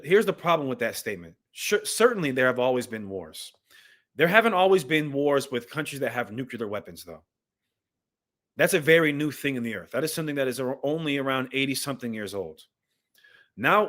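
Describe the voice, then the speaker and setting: A man's voice: medium pitch, a bit bright. Impassioned man commenting live to viewers. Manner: impassioned, talks straight to viewers, reads texts aloud. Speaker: livestream host and Bible commentator. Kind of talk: live news commentary with scripture reading.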